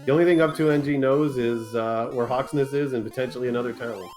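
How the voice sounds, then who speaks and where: A man's voice: mid-range voice, steady tone, fast talker, darkish tone, faint music behind. Joking laid-back male co-commentator. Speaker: tournament co-commentator. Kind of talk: esports color commentary.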